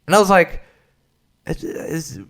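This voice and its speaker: A man hosts his own podcast alone, talking in a loose, profane ramble. His voice sits fairly high for a man, and he laughs often between thoughts. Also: a little slow, fairly bright tone. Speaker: podcast host. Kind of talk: casual solo podcast monologue.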